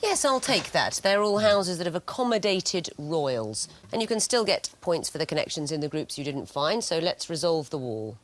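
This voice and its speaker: A woman's voice: low-pitched, very animated, normal speed, hardly any pauses, slight background noise. A woman hosting a quiz show, reading scripted links and giving verdicts with a dry wit.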